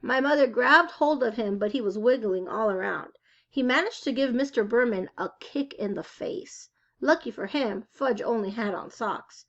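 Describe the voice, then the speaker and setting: A woman reading a children's novel aloud with expressive storytelling. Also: fairly high pitch, normal speed, muffled recording. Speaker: reader.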